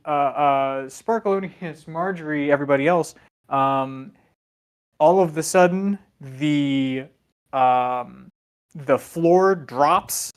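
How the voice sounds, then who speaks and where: A game master narrating a tabletop game, halting with many ums and uhs. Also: mid-range voice, clean tone.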